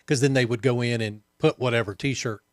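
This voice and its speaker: A man's voice: mid-range voice, fairly even intonation, a little fast, no room sound. Easygoing man chatting on a dry studio mic. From Southern United States. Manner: easygoing, wry, reads listener comments. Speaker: co-host. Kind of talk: casual chat. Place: radio studio.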